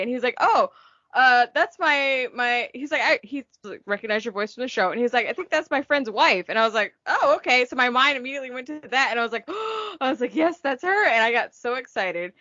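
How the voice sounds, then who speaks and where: Excited chatty woman host, bright voice. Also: fairly high pitch, fast, few pauses, dry recording. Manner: excited, chatty storytelling, many "like"s. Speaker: podcast host. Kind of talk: casual podcast chat. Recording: dry, dull lo-fi sound.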